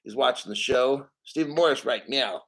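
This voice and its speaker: A man's voice: medium pitch, a little slow, a bit bright. A man hosting a casual crypto livestream, a little out of breath, rambling and joking loosely as he reads donations.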